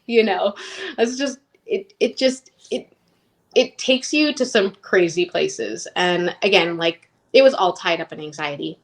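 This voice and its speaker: A woman's voice: mid-range voice, measured pace. A woman in her thirties telling her personal story as an interview guest, rambling and emotionally open with lots of "like".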